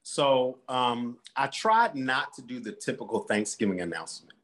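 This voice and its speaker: A man's voice: medium pitch, lively intonation, normal speed, a bit bright. A man, a pastor and interview guest, telling a personal story candidly and earnestly, acting out the quotes.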